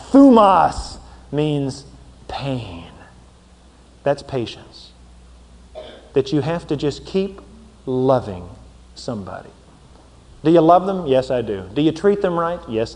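High-pitched preacher guy, dramatic, goes from yelling to almost whispering, big echoey church hall. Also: slight background noise. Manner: dramatic, swings from shouts to hushed near-whispers; acts out scenes with sound words. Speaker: pastor. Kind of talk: sermon. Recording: long hall reverb.

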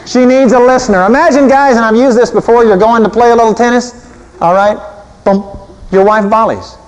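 A man preaching a sermon in an animated, humorous way, swinging from loud bursts to soft asides. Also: very high voice, fairly quick, slight background noise. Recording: long hall reverb.

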